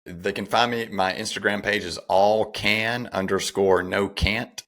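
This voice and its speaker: A man's voice: on the low side, steady tone, measured pace, a bit bright. A middle-aged man speaking as a podcast guest, telling a personal story in an earnest way and repeating phrases for emphasis. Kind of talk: conversational interview, personal story.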